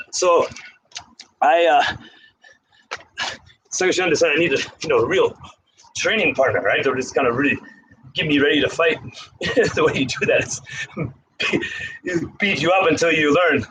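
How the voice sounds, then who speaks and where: A man with a high voice, winded from doing push-ups as he talks, drifting between counting and rambling stories in a loose, casual way. The recording is noisy and rough. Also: moderate pace, pauses often. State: out of breath from exercise. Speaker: karate instructor.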